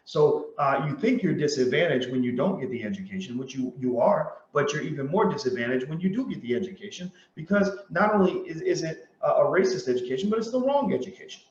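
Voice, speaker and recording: A man with a high-pitched voice delivers a passionate commentary, pressing his points again and again and acting out the conversations he retells. The sound is roomy and dull, like a lo-fi recording in an echoey room. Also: lively intonation, brisk, hardly any pauses. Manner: emphatic, repeats points, tells stories with quoted dialogue. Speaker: host and commentator. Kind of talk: impassioned commentary monologue.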